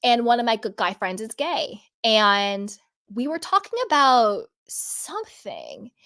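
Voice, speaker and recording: A woman hosts a reality TV commentary vlog in a slightly high voice. She talks candidly and earnestly and slows down to press on the words that matter. It sounds like personal storytelling straight to her viewers. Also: a bit bright. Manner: earnest and emphatic, stretching key words. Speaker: vlog host.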